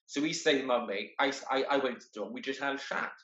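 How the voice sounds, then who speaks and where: A man talks in a middle-pitched voice, earnest and halting, doubling back over his words as he goes. He is heard over a video call, and the sound is roomy and a little dull and lo-fi. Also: bright, forceful tone. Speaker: guest, wheelchair marathon entrant. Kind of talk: casual conversation.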